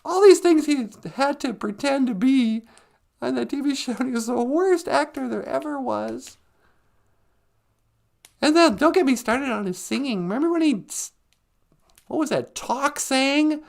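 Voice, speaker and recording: A man putting on a high, creaky, sing-song voice as a chatty trickster character who hosts a live stream, rambling and opinionated. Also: sing-song, a little slow, exaggerated voice. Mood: gossipy. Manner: rambling, opinionated, mocks and laughs.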